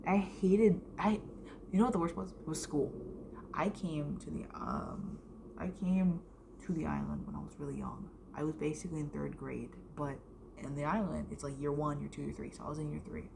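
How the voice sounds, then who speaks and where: Young adult woman from the US, casual vlogger, rambling delivery with heavy vocal fry and the odd whisper. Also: low-pitched, lively intonation, moderate pace, noisy background. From United States. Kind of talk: casual storytime vlog.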